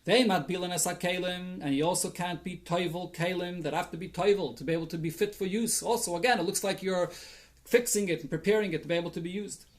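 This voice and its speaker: Man, high voice, rabbi, daily Talmud lesson, reads and translates line by line, Yiddish and Hebrew terms, thinking aloud. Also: fairly even intonation, fast. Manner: reads Aramaic text and explains it in English with Yiddish and Hebrew terms; thinks aloud, with restarts and fillers.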